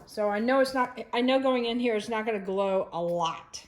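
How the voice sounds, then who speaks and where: Chatty woman, higher voice, thinking aloud. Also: moderate pace. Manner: rambling, thinks aloud, self-correcting. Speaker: resin artist. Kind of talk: casual craft tutorial.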